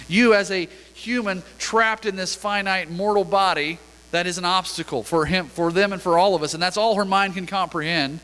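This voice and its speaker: Male pastor, conversational sermon with scripture reading, forceful tone, church hall reverb. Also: high-pitched, steady tone, moderate pace.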